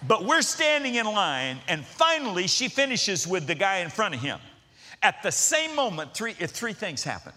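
A woman's voice: medium pitch, very animated, moderate pace, pushed and bright, slight background noise. A woman pastor preaching to a congregation, telling a story with laughter and acting out the voices of people in it. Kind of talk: sermon with storytelling. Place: church before a congregation.

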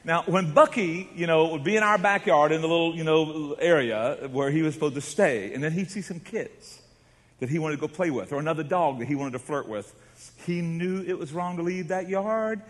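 A man preaching a sermon as pastor, telling stories dramatically and swinging from hushed tones to shouts. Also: a little high, moderate pace. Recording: long reverb of a large hall.

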